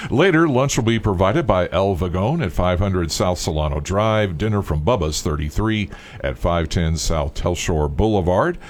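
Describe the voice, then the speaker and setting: Male radio host, deep voice, casual pledge-drive patter. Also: expressive, moderate pace. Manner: rambling, filler-heavy.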